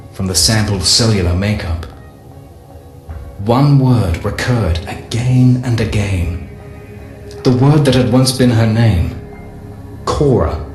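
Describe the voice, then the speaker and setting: A man reading a first-person diary as scripted narration, measured, solemn and deliberate. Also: fairly low pitch. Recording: echoey room with faint music.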